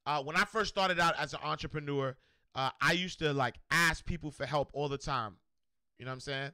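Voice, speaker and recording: Male host, high and tense voice, animated and slangy, dry close-miked sound. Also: fairly quick, clean tone, no echo. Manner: animated, repetitive, slangy, shouts out viewers. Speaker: show host. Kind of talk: motivational livestream talk.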